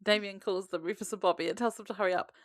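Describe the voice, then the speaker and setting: A woman's voice: medium pitch, fairly even intonation, racing, no room sound, clean studio sound. A woman co-hosting a podcast, chatting casually about an episode and laughing often. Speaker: podcast co-host. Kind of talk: casual episode recap chat.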